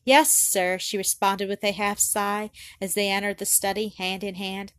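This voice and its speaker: A woman narrating a classic story as an audiobook, reading in an even, unhurried way. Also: medium pitch, no room sound.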